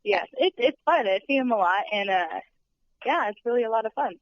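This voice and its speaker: A woman's voice: a little high, animated, fairly quick, no echo. A young woman working as a studio tour guide, chatting in a podcast interview in a bubbly way and laughing often. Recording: dull lo-fi podcast audio.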